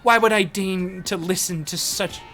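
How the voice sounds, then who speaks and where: A man's voice: high-pitched, fairly even intonation, a little slow, sharp tone, faint music behind. A man voicing a young woman in a game who plays a scolding, haughty dominatrix. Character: young woman, timid girl turned bossy dominatrix. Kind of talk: reading game dialogue aloud on a stream.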